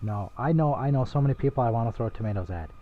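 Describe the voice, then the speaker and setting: A man's voice: medium pitch, expressive, fast talker. Young guy cohost, teasing banter, sounds tinny like over a phone. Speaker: podcast co-host. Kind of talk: casual gaming podcast chat.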